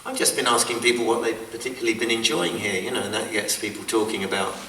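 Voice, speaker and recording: A man's voice: lowish voice, steady tone, fast talker, pushed and bright, a little hiss or hum. Chatty man from North London. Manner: chatty and friendly, eager back-and-forth. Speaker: convention panel guest. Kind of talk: casual panel chat. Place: convention hall. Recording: echoey hall, distant mic.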